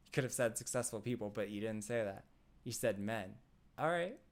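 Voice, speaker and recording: A man's voice: fairly low pitch, animated, brisk. Sarcastic man riffing on a livestream. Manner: sarcastic, laughing, repeats himself. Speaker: streamer host reading chat. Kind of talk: casual live-stream commentary.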